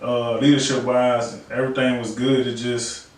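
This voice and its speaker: A man's voice: medium pitch, little pitch movement, moderate pace. Slangy man in an echoey room. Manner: loose, slangy, acts out players' lines in a raised voice. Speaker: podcast co-host. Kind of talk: casual sports chat. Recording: echoey room, mic at a distance.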